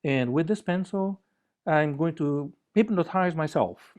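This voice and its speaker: A man giving a relaxed conference talk over a video call, joking playfully and gently guiding listeners through exercises. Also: a little high, measured pace. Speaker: conference speaker.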